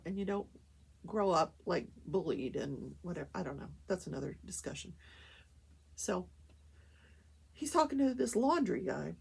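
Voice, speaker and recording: Gravelly, husky older woman chatting. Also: medium pitch. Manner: animated, acts out quoted voices. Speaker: talk show host. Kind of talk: casual storytelling chat.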